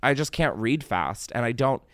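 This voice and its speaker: A young man hosting a podcast, chatting casually and ranting with animated, profane exasperation. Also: mid-range voice, normal speed, no echo, studio quality. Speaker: podcast host.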